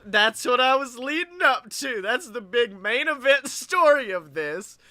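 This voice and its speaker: Bright, high-voiced man telling stories. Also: unhurried, no echo. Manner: animated storyteller, acts out quotes, laughs often. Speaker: podcast co-host. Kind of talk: casual chat.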